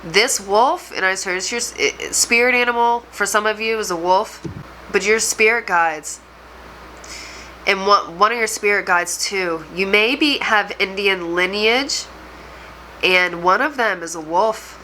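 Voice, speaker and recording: Woman, tarot reader, bright voice, emotional and rambling, faint noise behind. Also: medium pitch, measured pace, low-quality recording. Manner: emotional, rambling, speaks to viewers directly. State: choked up. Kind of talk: channeled tarot reading to camera.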